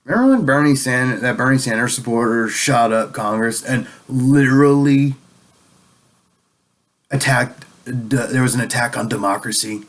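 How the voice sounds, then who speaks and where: A man's voice: medium pitch, moderate pace. A man delivering a rambling, profane political rant as a vlogger, sounding a bit tipsy and sarcastic.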